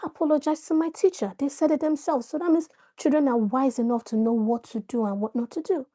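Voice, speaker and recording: This parenting-advice streamer talks fairly quickly in a warm voice on the high side. She keeps it casual, greeting her viewers by name and using examples to get her points across.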